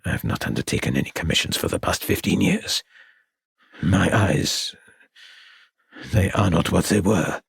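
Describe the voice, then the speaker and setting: A man's voice: on the low side, normal speed, creaky, pauses often, breathy edge, no echo, clean studio sound, full character voice. A man reading the part of an aging, reclusive French painter who is guarded and grieving, speaking in a muttering way. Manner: muttering, guarded, then anguished.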